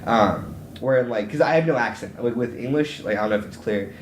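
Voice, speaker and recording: Rambling young man in an echoey room. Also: medium pitch. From Las Vegas. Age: young adult. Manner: rambling, quick restarts and stammers. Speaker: podcast co-host. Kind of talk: casual chat. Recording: echoey room, faint background hiss.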